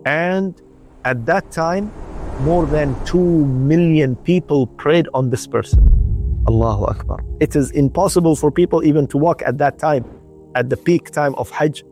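A man's voice: a little high, moderate pace, mellow, soft background music. A man telling a religious story on the radio, often repeating his phrases and using Arabic religious terms. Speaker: storyteller on a community radio station.

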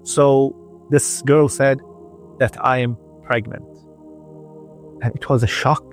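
Male preacher for a radio reminder; earnest storytelling in slow, broken-up phrases over faint background music. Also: medium pitch, fairly even intonation. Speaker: religious speaker.

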